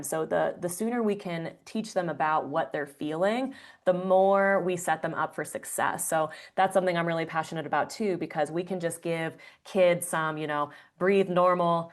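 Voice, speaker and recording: A woman guest on an interview podcast, explaining breathwork earnestly with frequent fillers. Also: on the low side. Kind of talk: conversational interview answer.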